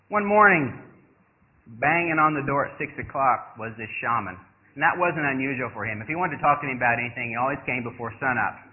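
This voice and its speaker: An older man preaching, telling a mission story and acting out the dialogue with lively shifts. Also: medium pitch, fast talker. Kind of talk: sermon storytelling. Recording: tinny phone-like audio with faint noise.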